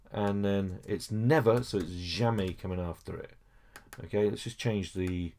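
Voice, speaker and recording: A man's voice: low-pitched, a little mellow. A man teaching a French lesson over a screen recording, explaining each step patiently with frequent okays and small hesitations.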